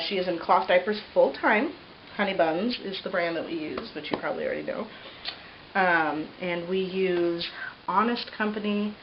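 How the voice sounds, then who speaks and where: A woman in her thirties chatting casually in a vlog, a mother of three giving a tender, meandering baby update full of fillers. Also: fairly low pitch. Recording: slightly muffled with faint hiss.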